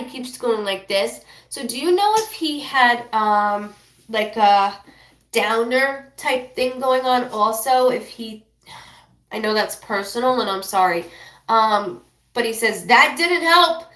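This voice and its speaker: A woman doing a live psychic reading who rambles, apologizes often and passes on messages in quick bursts. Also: fairly high pitch, fairly bright tone, roomy sound. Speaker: psychic medium.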